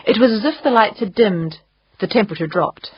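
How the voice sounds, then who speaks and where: Husky-voiced woman narrating an audiobook. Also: medium pitch, expressive, brisk, dry recording, highs cut off. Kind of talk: scripted narration.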